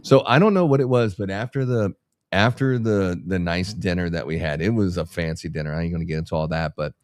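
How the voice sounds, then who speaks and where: A man's voice: low-pitched, fairly quick, dry recording. A man co-hosting a podcast, telling rambling, slangy, self-mocking stories in a casual chat. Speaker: podcast co-host.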